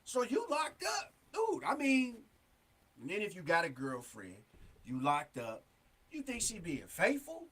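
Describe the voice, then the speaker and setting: Man, talk show host, high voice, emphatic, casual street talk. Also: wildly swooping pitch, unhurried, fairly bright tone, husky. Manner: earnest, emphatic street talk with many "you know what I'm saying". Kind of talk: casual advice monologue.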